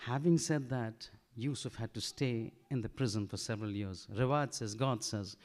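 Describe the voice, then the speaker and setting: A man giving a sermon, telling a story with lively acted-out dialogue and Urdu phrases mixed in. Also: medium pitch, moderate pace, hardly any pauses. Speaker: preacher.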